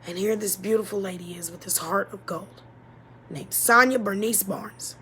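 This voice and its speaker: A woman telling a painful childhood story as a personal testimony, halting and emotional, often dropping to a near-whisper. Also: medium pitch, sharp tone, slight background noise. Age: adult.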